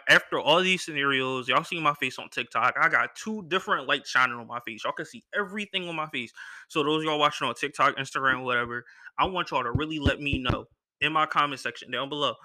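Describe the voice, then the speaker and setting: A young man from Philadelphia tells a personal story in a loose, chatty way and acts out every quote. His voice is very bright and sits a little high. He keeps the energy up as he talks. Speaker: podcast host. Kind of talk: casual storytelling monologue.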